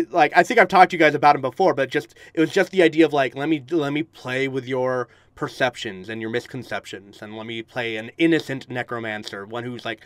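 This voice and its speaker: A man's voice: mid-range voice, fairly quick, hardly any pauses, no room sound, clean studio sound. A man hosting a casual podcast chat, rambling with fillers and laughs.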